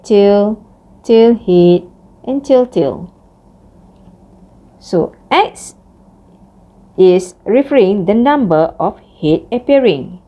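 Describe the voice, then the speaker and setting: A woman giving a recorded math lecture, explaining each step slowly. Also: muffled recording. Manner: slow, lively pitch, explains step by step.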